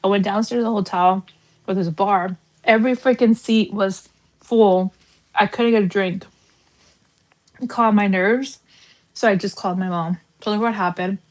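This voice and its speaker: A woman's voice: mid-range voice, fairly even intonation, moderate pace, long pauses, darkish tone, low-quality recording. A woman in her thirties hosting a casual livestream, chatty and blunt, swearing freely and filling her talk with "like", while she cooks. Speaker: livestream host.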